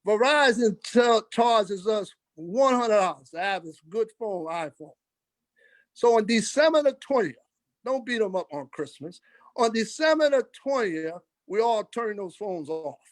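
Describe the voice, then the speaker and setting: A man's voice: high-pitched, lively intonation, a little slow, dry recording. An older man, a podcast guest, telling emphatic stories and acting out the dialogue. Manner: emphatic, acts out quoted dialogue. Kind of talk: storytelling interview.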